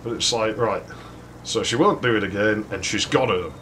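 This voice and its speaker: A man's voice: fairly low pitch, moderate pace, fairly bright tone, slight background noise. A man casually telling a long rambling story while playing a game, swearing freely and chuckling between lines. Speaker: let's play host.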